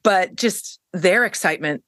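A woman guest on an interview podcast, telling a personal story in a casual, animated way, jumping into a higher pitch when she quotes people. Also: unhurried, no echo, studio quality. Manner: frequent fillers and restarts.

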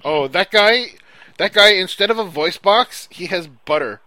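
Lively, bright-voiced man chatting. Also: high voice, unhurried. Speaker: podcast co-host. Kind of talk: casual chat.

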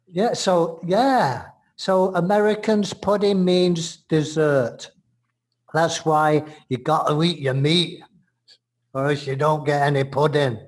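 A man's voice: fairly high pitch, steady tone, slow pace. An Englishman co-hosting a show, explaining things in casual chat, often laughing. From England.

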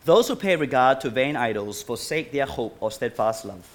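A man's voice: mid-range voice, moderate pace. A man preaching a sermon to a congregation, asking them many questions. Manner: animated, asks the congregation questions. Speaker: pastor.

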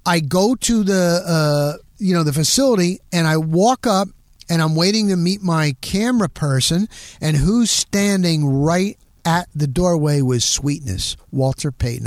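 A middle-aged man hosting a podcast, telling a story in a casual, animated way and punching it up with quick sound words. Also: a little high, no room sound, studio quality. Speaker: podcast host.

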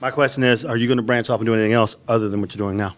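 An eager male fan who talks fast and keeps laughing between his questions. His voice sits at a middle pitch, and he sounds keen and casual. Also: steady tone. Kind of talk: casual chat.

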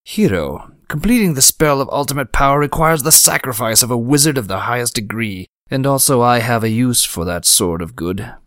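A man voicing the Lord of Dark, a cool, calculating male sorcerer who speaks calmly and formally in an audiobook story. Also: medium pitch, normal speed, no echo, studio quality, natural voice. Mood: measured. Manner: calm, formal and precise. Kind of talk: audiobook character reading.

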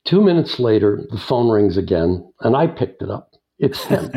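An older man telling stories as an interview guest, unhurried and chuckling. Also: lowish voice, very animated, vocal fry, warm tone. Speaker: guest filmmaker and editor. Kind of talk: anecdotal storytelling in an interview. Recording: dull lo-fi sound.

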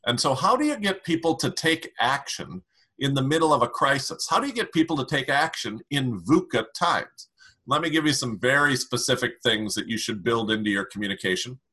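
A man explaining communication strategy in an interview, calm and emphatic as he gives advice. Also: medium pitch, fairly quick, breathy edge. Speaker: communication expert.

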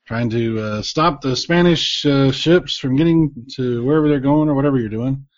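A man with a mid-pitched voice, talking loosely and at length, with plenty of filler and sudden excited jumps. The sound is close and dry, with almost no room on it. It also has the dull, muffled top of a lo-fi recording. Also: moderate pace, no room sound. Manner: rambling, animated, swears freely. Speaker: podcast panelist. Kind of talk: casual group chat.

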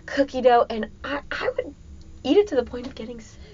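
A woman explaining healthy eating habits in a relaxed conversation, easygoing and full of everyday examples. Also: sits high, brisk, a little hiss or hum. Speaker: guest nutrition expert. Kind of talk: casual podcast conversation. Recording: dull lo-fi audio.

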